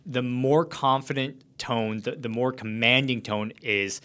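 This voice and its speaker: A man co-hosting a podcast, jumping in with quick eager agreement and brisk explanations. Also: medium pitch, a bit bright, smooth. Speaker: podcast co-host. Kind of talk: casual podcast chat.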